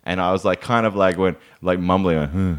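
A man's voice: a little fast, smooth. A male comedian with an Australian accent, telling a rambling story in casual chat and acting out the other people in it. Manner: animated storyteller, swears freely, jumps into high put-on voices.

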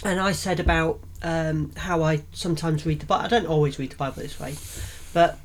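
A woman's voice: low-pitched, fairly even intonation, a little fast, a little hiss or hum. A woman co-hosting a casual faith podcast, chatty and rambling, often laughing between thoughts. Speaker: podcast co-host.

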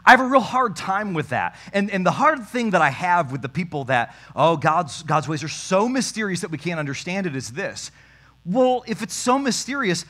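A man's voice: high-pitched, bright, forceful tone. A man preaching a sermon as pastor, talking straight to his congregation with emphasis.

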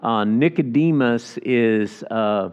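A man's voice: medium pitch, takes it slowly, darkish tone, clear, resonant tone, muffled recording. A male pastor teaching a sermon in a conversational, folksy way, often acting out the people in the story. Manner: conversational, folksy Bible teaching with restarts and quoted voices.

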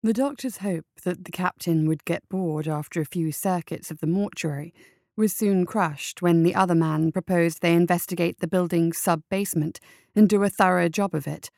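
A woman narrating a story as an audiobook, in a measured, even storytelling manner. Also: fairly low pitch, creaky, no room sound, studio quality.

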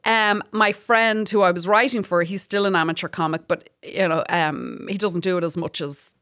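A woman in her thirties with an Irish accent, a stand-up comic chatting as a guest, telling lively stories with frequent laughs and swearing. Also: lowish voice, moderate pace, dry recording, clean studio sound. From Ireland. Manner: lively storyteller, laughs often, swears freely. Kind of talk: casual chat.

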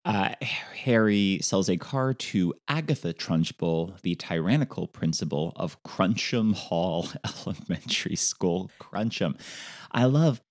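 A man's voice: low-pitched, lively intonation, measured pace. A man casually recapping a movie plot with enthusiasm and fillers. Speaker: podcast co-host.

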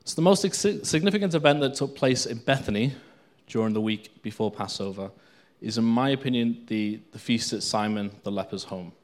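A man's voice: medium pitch, fairly quick. A man giving an informal Bible teaching, reading scripture aloud between unscripted remarks full of fillers and restarts.

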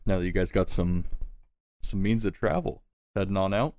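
A man narrating as game master in a relaxed, descriptive, casual way. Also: low-pitched, moderate pace, no echo. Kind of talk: describing the scene in a tabletop game.

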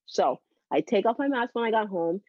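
A woman in her thirties, a psychotherapist guest, telling her personal story in an animated, heartfelt way and laughing often between phrases. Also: medium pitch, normal speed, no room sound. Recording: dull, slightly lo-fi dry audio.

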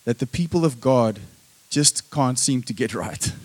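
A man's voice: mid-range voice, animated, unhurried. Emphatic male preacher calling for amens. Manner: emphatic, calls for "Amen?" from the congregation. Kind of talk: sermon.

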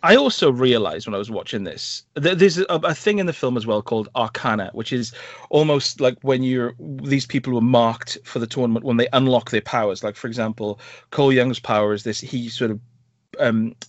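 A man's voice: mid-range voice, fairly quick, dry recording, dull audio. A man, a podcast co-host, chatting casually through a film review, rambling and sarcastic. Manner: animated, rambling, sarcastic asides.

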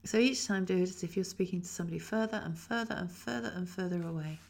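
A woman who is a voice teacher, calmly guiding a voice exercise and demonstrating the sounds herself. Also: lowish voice, fast talker, creaky, a little hiss or hum. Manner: calm, instructive, demonstrates sounds. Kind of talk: guided voice exercise.

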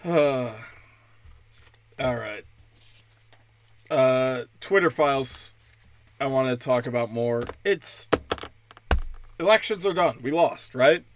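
A man's voice: mid-range voice, lively intonation, takes it slowly, long pauses, slight background noise. A man ranting in a heated, profane monologue as a podcast host, often slipping into mocking voices.

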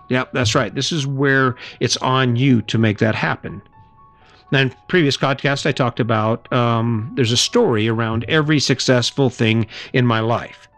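A man's voice: mid-range voice, fairly bright tone. Podcast host, man, middle-aged, mid-range voice, chatty motivational monologue, faint music behind. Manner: casual, chatty, laughs and acts out little scenes.

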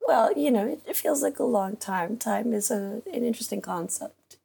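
A woman with a gravelly, husky voice and a lot of fry, chatting and teasing through a tabletop game. Her delivery is playful and giggly, quick with a joke. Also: fairly high pitch, mellow. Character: ancient meddling old woman, cheeky. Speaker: player. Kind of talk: casual tabletop role-play.

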